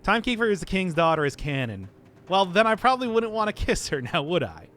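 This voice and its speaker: Lively high-voiced male streamer. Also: fast talker, slight background noise. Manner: playful, laughs often, banters with chat. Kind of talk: casual live-stream chat.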